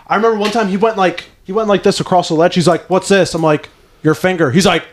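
Young man, slightly high voice, swears freely, tells stories with animated energy, casual chat. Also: quick pace, a little hiss or hum. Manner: profane, animated storyteller. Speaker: former Marine telling stories.

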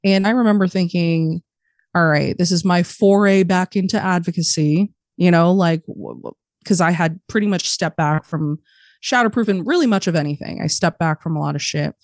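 A woman guest on a podcast, telling her story candidly in casual chat, swearing freely and speaking quickly. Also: lowish voice, a little mellow, dry recording, clean studio sound.

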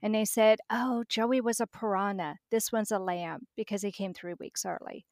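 A woman's voice: mid-range voice, steady tone, normal speed, darkish tone, no echo, studio quality. A middle-aged woman, a podcast guest, telling a personal story vividly and acting out the dialogue.

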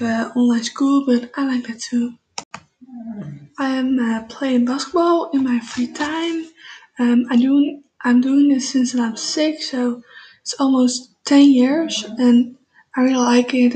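High-voiced Dutch teenage girl. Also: mellow, low-quality recording. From Netherlands. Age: teens. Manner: slow, hesitant, with many fillers. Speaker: vlogger. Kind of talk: casual self-introduction.

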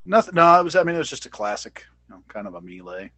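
A man co-hosting a casual podcast chat, animated and playful. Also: a little high, rapid-fire, dry recording. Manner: animated, mocking impressions in bursts. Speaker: podcast co-host. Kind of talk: casual wrestling review chat.

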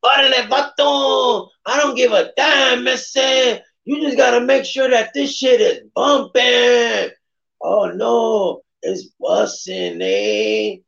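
A man's voice: extremely high pitch, slow pace, creaky, fairly bright tone, voice pushed up, exaggerated voice. A man voicing a brash young male street hustler, slangy and pushy. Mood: boastful. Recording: dull lo-fi sound.

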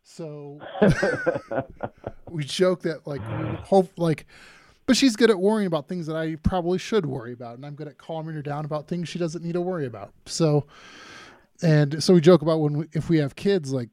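A man hosts a podcast interview in a relaxed, joking way. His voice sits fairly high yet sounds mellow and warm. The recording is dry and close, with no room sound. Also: moderate pace, no room sound. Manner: jokey, easygoing. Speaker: podcast host. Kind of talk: casual interview chat.

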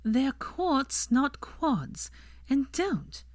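A woman's voice: sits high, sing-song, no room sound, pitched above the performer's own voice, full character voice. A woman voicing a bossy, witty young woman who teases and scolds with a dry, sarcastic edge. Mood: bright, teasing. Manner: brisk, teasing, sarcastic.

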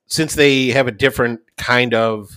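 A man's voice: mid-range voice, steady tone, normal speed, fairly bright tone, clean tone, no echo, clean studio sound. A man in his thirties co-hosting a podcast, telling a family story in casual chat and acting out his kids' voices. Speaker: podcast co-host.

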